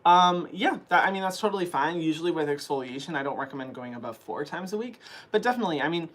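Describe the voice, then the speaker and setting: A young man chats casually through viewer questions, peppering his answers with "um" and "like". His voice sits a little higher than most men's and has an early morning roughness to it. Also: animated, fast, fairly bright tone. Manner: chatty, frequent fillers like "um" and "like". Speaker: skin care channel host answering viewer questions. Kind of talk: casual chat.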